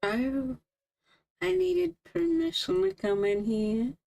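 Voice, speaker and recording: A woman voicing a gentle, protective young man in an improvised role-play, speaking softly with light teasing. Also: sits high, sing-song, slow pace, creaky, husky, voice pushed up, heavily acted. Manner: soft-spoken, half-mumbling, light teasing.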